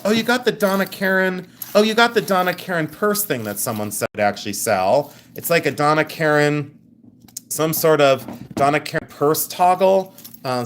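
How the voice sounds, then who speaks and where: A woman hosting a live jewelry sale stream, chatting in a rambling way and thinking out loud as she shows each piece. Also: deep voice, slight background noise. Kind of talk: live sales stream chat.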